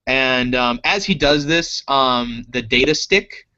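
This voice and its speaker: A male game master running a tabletop role-playing session, rambling and filling pauses as he thinks. He speaks slowly, with a bright and forceful tone. The recording is dull and lo-fi. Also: mid-range voice. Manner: rambling, many fillers.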